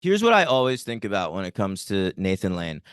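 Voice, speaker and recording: A man co-hosting a podcast in casual chat, relaxed and fond of telling anecdotes. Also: low-pitched, brisk, clean tone, dry recording, studio quality. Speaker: podcast co-host.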